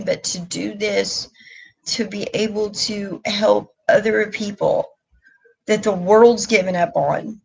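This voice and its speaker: A woman's voice: medium pitch, gravelly, husky, poor audio. A middle-aged woman, talking openly and emotionally in a rambling live stream chat. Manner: candid, emotional, rambling with restarts. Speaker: vlogger.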